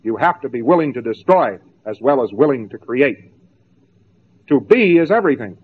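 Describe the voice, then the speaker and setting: A man's voice: medium pitch, big pitch swings, normal speed, husky. A man giving a spoken lecture, mocking and sarcastic as he tells stories to make his point. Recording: tinny narrow-band old tape.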